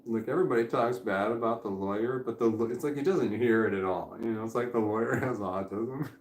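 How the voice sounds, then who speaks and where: Sleepy guy rambling on a home stream, swears a lot, laughs between thoughts, middle pitch, kinda echoey room. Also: fairly quick, a little hiss or hum. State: drowsy and foggy. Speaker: vlogger. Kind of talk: rambling live stream monologue. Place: indoors at home.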